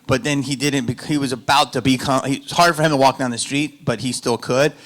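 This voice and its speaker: A comedian talks on a convention stage, his voice bright and ringing as he tells a rambling story. He drifts from loud joking asides down to low, confiding storytelling, and his speech stays loose and casual. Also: fairly even intonation, fairly quick. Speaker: panel guest, actor and comedian. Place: convention panel room.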